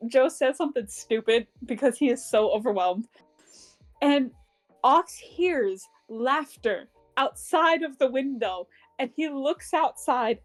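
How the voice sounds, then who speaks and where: A woman with a fairly high voice recaps a book for her podcast co-host in loose, casual chat. She giggles through the story, gushes about favourite scenes and drops the odd swear word. Faint music plays underneath. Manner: giggly, gushing, swears freely.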